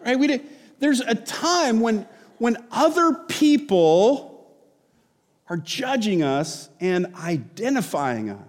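Animated high-voiced pastor in a big reverberant hall. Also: male voice, slow. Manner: storytelling, conversational, animated. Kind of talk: sermon.

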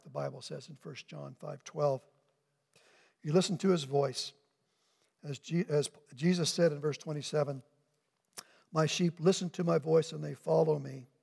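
An older male pastor delivers an earnest sermon, pressing his congregation with questions and slowing down to land his points. His voice sits a little high for a man and carries a gravelly edge. The sound rings out with the long reverb of a church hall. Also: darkish tone. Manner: earnest, asks rhetorical questions, slows for emphasis.

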